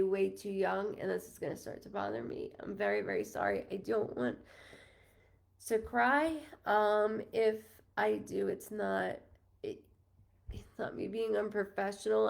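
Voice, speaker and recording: A psychic medium in her thirties from New York gives a live-streamed reading in a mid-range, creaky voice with a darkish tone. She is chatty and emotional, rambling and apologizing as she goes.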